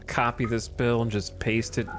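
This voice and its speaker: A man's voice: medium pitch, little pitch movement, moderate pace, faint music behind. A man streaming a game, chatting casually and thinking aloud about his next moves. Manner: thinks aloud while playing, chatty and easygoing. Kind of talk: casual gameplay commentary.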